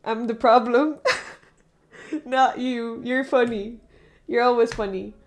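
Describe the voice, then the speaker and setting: A woman's voice: a little high, steady tone, takes it slowly. A woman streamer chatting casually with her viewers, rambling and often stopping herself mid-thought. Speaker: live streamer. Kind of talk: casual live-stream chat.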